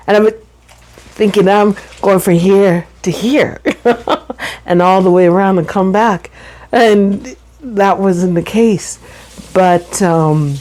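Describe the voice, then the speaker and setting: A middle-aged woman slowly and thoughtfully sharing her story of recovery from a brain injury, with light laughs and quick bursts between pauses. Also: mid-range voice, darkish tone, poor audio. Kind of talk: reflective personal talk.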